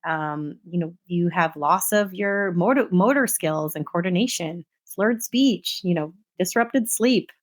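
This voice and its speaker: A woman speaks earnestly on her solo podcast, in a voice that sits a little low for a woman. She sounds impassioned but stays conversational, as if talking straight to her listeners. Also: measured pace, hardly any pauses. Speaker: podcast host.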